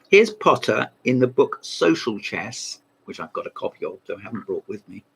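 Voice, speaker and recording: A man rambles through a comic monologue and keeps interrupting himself with asides. His voice is husky, and its pitch swings up and down. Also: a bit bright. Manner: rambling, self-interrupting, mock phone call asides. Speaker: comedy book reviewer.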